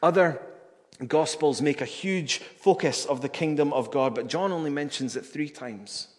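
A man's voice: a little high, moderate pace, long reverb tail. A man preaching a sermon in a church, earnest and emphatic, using rhetorical questions.

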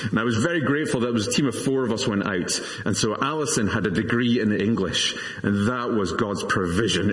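A man's voice: mid-range voice, a bit bright. Earnest man preaching in a reverberant hall. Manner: earnest, measured, with self-deprecating asides. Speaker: pastor. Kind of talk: sermon. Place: church.

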